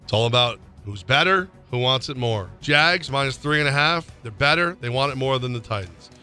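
A man co-hosting a sports radio show, telling rambling stories and reading ads with excitable energy. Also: medium pitch, fairly quick, clear, resonant tone, soft background music. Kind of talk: sports talk and live-read ad.

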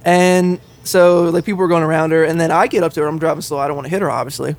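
A man co-hosting a podcast, telling a story in casual chat, animated and swearing freely as he laughs along. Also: on the high side, fast. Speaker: podcast co-host.

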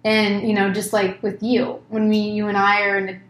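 A woman in her thirties talks openly on a podcast, lively and blunt, swearing casually. The room gives her voice a clear echo. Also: medium pitch, normal speed. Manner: candid, lively, swears casually, acts out her own words. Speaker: podcast co-host, mother. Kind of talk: casual conversation.

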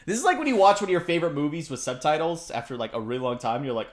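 A man's voice: a little high, lively intonation, racing. A man co-hosting a casual podcast, talking in a wry, rambling way with some swearing, close to a studio microphone. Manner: wry, rambling, mildly profane. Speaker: podcast co-host. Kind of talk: casual chat.

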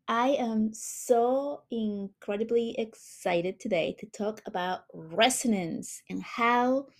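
A woman hosting a spiritual healing talk, speaking gently and addressing her listeners warmly. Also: mid-range voice. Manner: slow, soothing, warm-hearted, addresses listeners as beautiful souls.

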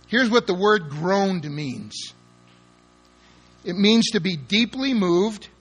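A man preaching with a fairly high voice and an emphatic, dramatic style. He leans hard into key words, spells them out, and acts out the scenes he describes for his listeners. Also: a bit bright. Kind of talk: sermon.

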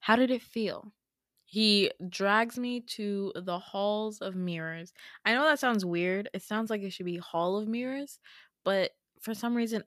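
A young woman hosting a podcast, telling a dream story in a chatty, giggly way full of fillers. Her voice is mid-pitched and recorded very dry on a close mic. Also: dry recording. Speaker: podcast host. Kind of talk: casual storytelling.

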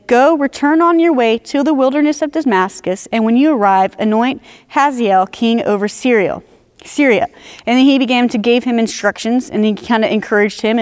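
A woman preaching a sermon in an earnest teaching manner, slowing down to stress key phrases. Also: fairly high pitch, clear, resonant tone.

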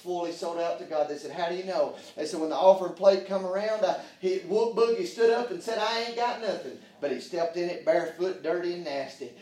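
A man preaching a sermon. He swings from hushed prayer to loud shouting and fills his talk with "hey, man" and "uh". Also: high voice, a little fast, few pauses, recorded from a distance. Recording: echoey room, voice from off mic.

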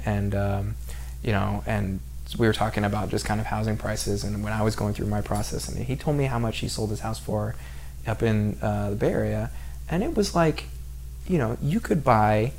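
A man's voice: on the low side, darkish tone, a little hiss or hum. A man from San Diego in casual podcast conversation, talking in long rambling runs full of fillers and restarts. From San Diego, California.

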